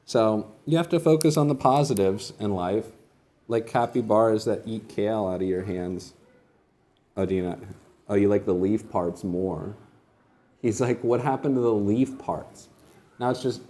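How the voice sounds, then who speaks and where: A man's voice: lowish voice, a little slow, mellow. A young man rambling and joking in a casual comedic monologue while feeding animals.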